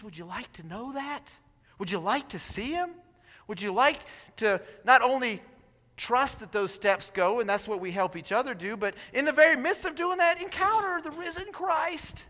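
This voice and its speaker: A male pastor delivers a sermon in a church sanctuary, moving from loud exclamations to soft, near-whispered prayer. His voice sits high and sounds bright and forceful. A long reverb from the hall trails behind every phrase.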